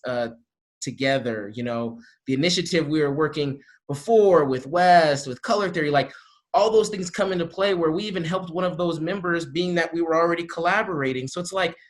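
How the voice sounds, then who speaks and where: A man speaking on a video call panel, energetic and rambling, with many fillers and restarts. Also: on the high side. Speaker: panelist from a small-business support group.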